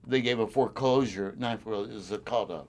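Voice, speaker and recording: A man's voice: lowish voice, rapid-fire. A farmer in an oral history interview, telling his stories with plenty of chuckles and acting out the voices of the people in them. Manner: animated storyteller who acts out quoted voices; chuckles often while telling. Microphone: recorder on a desk.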